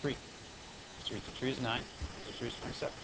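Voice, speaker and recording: A man teaching high school math in a classroom lecture, explaining steps plainly and breaking off into joking asides. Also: fast talker, noisy background.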